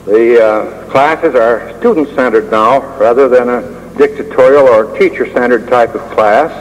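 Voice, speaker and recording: An older man giving a prepared speech as a school administrator, measured and dryly humorous, pausing often with uh. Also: medium pitch, dull audio. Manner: measured, with dry humor and frequent uh pauses. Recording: long hall reverb with faint hiss.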